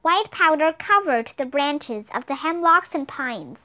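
A woman narrating a children's storybook aloud in an expressive, clear manner. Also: high voice, a little slow. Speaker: audiobook reader.

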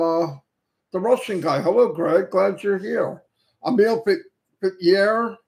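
Gravelly high-voiced man greeting viewers. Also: darkish tone. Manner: reads out viewer names and welcomes them, stumbles on names. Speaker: livestream host. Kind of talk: casual livestream shout-outs. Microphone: headset.

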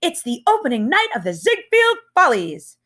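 A restless teenage schoolboy hams it up in a loud, theatrical voice, as a woman puts him on. His pitch shoots far up and bounces. It is a storybook reading. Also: huge pitch swings, normal speed, full character voice. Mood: clowning. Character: showing-off teen schoolboy, restless, clowning.

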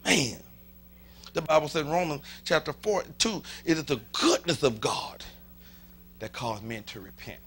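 A male pastor with a Southern US accent preaching an animated sermon in a church, leading his congregation in call and response and dropping to a whisper at times. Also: fairly high pitch, measured pace, slightly rough. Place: church sanctuary.

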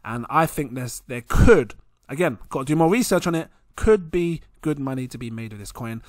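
A young man hosts his own crypto channel, talking casually to camera and rambling, often laughing at himself, in a lively, mid-range voice at normal speed. A plugged-in desk mic gives a clean, dry studio sound.

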